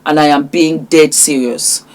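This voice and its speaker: Scolding woman vlogger, low voice. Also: steady tone, unhurried, darkish tone. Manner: scolding, preachy, addresses the man directly. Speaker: commentary vlogger. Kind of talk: impassioned social media commentary.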